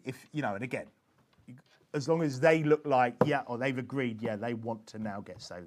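A man's voice: on the high side, expressive, fast. A man giving an informal religious teaching talk, earnest and emphatic, often checking in with "okay?" and restarting his phrases. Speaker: evangelism instructor.

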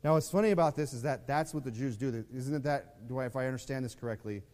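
A man's voice: mid-range voice, quick pace, a little mellow, long reverb tail. A man teaching a Bible study in a loose, conversational way, repeating words and reading scripture aloud.

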